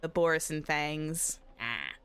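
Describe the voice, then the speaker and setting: A woman's voice: deep voice, expressive, slow pace, fairly bright tone, a little hiss or hum. A young woman streaming a game, chatting playfully and giggling while she reads the story text aloud. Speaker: VTuber streamer. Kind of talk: casual game-stream chat, reading dialogue aloud.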